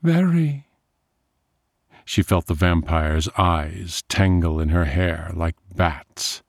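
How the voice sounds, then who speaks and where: A deep-voiced man reads a dark story slowly and with careful atmosphere. The recording is dry and close, with no room sound. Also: flat delivery, vocal fry, dry recording. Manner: measured, atmospheric. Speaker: narrator. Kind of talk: scripted story narration.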